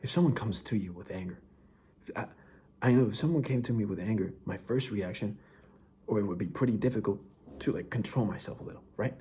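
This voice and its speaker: A man's voice: lowish voice, a little fast, dark tone. A young man talking casually and earnestly to camera about Bible verses, often saying "dude" and dropping to near whispers. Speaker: faith vlogger.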